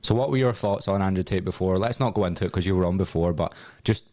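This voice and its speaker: Deep-voiced Scottish man, dry close sound. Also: quick pace, darkish tone, no echo. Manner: blunt banter, swears freely. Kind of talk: casual podcast chat.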